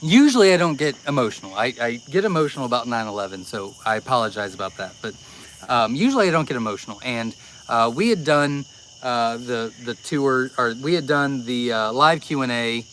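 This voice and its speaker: A man's voice: medium pitch, lively intonation, a little fast, fairly bright tone, slight background noise, poor audio. A man in the middle of his register chats loosely through a live stream from his farm. He rambles, loses his thread and fills the gaps with ums and uhs. Faint crickets and insects chirp behind him outdoors at night. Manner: rambling, easily sidetracked, many fillers. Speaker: farm livestream host. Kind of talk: casual live-stream chat.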